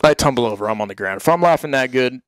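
A man's voice: medium pitch, expressive, quick pace, no room sound, studio quality. A man telling hunting stories in a casual chat, rambling, laughing often and acting out what people said.

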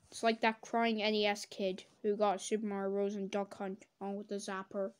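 A woman doing comedic reaction commentary, sarcastic and swearing, breaking into loud silly voices. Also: medium pitch, flat delivery, moderate pace. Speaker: commentator reacting to fan drawings.

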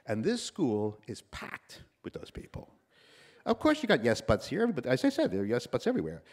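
Man in his sixties, slightly nasal, commencement speaker, pitch rising and falling a lot, storytelling. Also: moderate pace. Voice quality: a little nasal. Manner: lively storytelling, acting out quoted voices. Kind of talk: commencement address.

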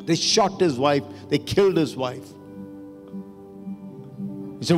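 A male pastor tells a story from the pulpit, his voice a touch high and growing urgent. The sermon rings with a long church reverb. Faint music sits underneath. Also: measured pace, long pauses. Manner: emotional, rising to urgent preaching. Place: church sanctuary.

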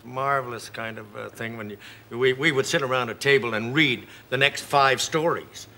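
A man's voice: mid-range voice, moderate pace, sharp tone. A Canadian man in his sixties with an Aberdeen Scottish accent, chatting good-humouredly as a talk show guest in a studio, rambling with many hesitant fillers. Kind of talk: casual chat show interview. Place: television studio with audience.

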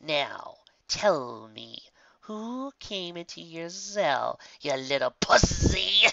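A woman's voice: rumbling low, big pitch swings, slow, vocal fry, pushed and bright, full character voice. A woman voicing a sadistic, sneering female pony villain with a taunting, snide delivery, in a slightly muffled lo-fi recording. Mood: snarling.

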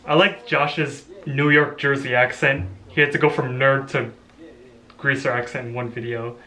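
A man's voice: mid-range voice, flat delivery, moderate pace, bright, forceful tone. A young man casually reacting to his own old video, amused, rambling and often laughing. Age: young adult.

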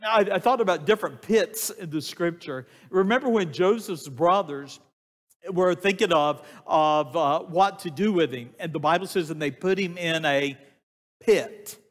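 Older male pastor preaching, a touch high-voiced, slow emphatic delivery, long church reverb. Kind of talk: sermon. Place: church sanctuary.

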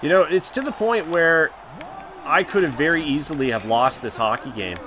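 A man commenting live on the hockey video game he is playing, reacting loudly to each play and groaning at his mistakes. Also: a little high, moderate pace, crowd noise. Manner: excitable, reacts loudly, groans and laughs at plays. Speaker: gaming channel host.

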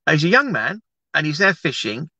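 A man's voice: fairly high pitch, normal speed, slightly rough, dry recording, low-quality recording. A man, talking casually and animatedly as an evangelist, teaching and praying on a livestream with many restarts. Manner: animated, chatty, rambling with restarts.

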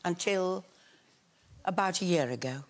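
An older woman speaking very slowly and gently, her voice a little low. Clear studio noise sits behind her. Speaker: guest.

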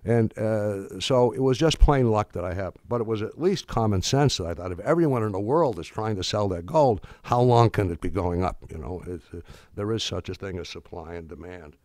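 An older man giving a speech, telling wry stories in a halting way with many restarts and fillers. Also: lowish voice, darkish tone, no room sound, studio quality. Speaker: speaker. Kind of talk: anecdotal speech.

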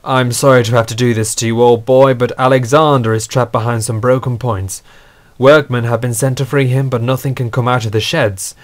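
A man's voice: mid-range voice, steady tone, a little fast, lightly acted. A man playing a kindly, firm and polite male station master. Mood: apologetic.

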